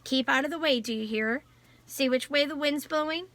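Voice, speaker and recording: A woman voicing a calm, steady middle-aged father who gives gentle, firm instructions. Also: high voice, moderate pace.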